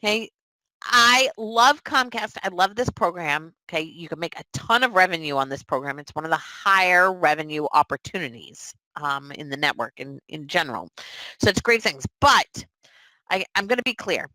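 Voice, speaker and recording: A young woman from the Boston area chats her way through a recruiting webinar as presenter, animatedly acting out sample customer calls in different voices. Her voice is fairly low and her speed normal. The recording is dry and the audio quality poor.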